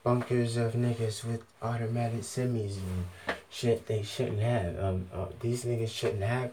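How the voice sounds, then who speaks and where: A man's voice: medium pitch, fairly even intonation, unhurried, background noise. A man on an arena stage giving a profane, free-associating monologue into a handheld mic. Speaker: stage performer. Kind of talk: rambling freestyle monologue.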